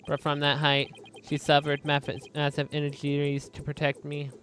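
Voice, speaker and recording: A man voicing a grieving male soldier who talks through a drone, in a flat robotic delivery. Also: a little high, moderate pace, lightly acted. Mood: mournful.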